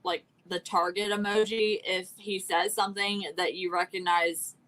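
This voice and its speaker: A woman's voice: medium pitch, flat delivery, moderate pace, fairly bright tone, low-quality recording. A woman on a livestream panel making a joking suggestion with hesitant restarts.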